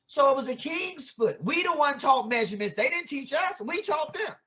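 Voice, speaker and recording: A man's voice: extremely high pitch, animated, normal speed, pushed and bright, a little hiss or hum. Emphatic man lecturing with rhetorical questions. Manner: casual vernacular grammar. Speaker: educator guest. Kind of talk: impassioned conversational teaching.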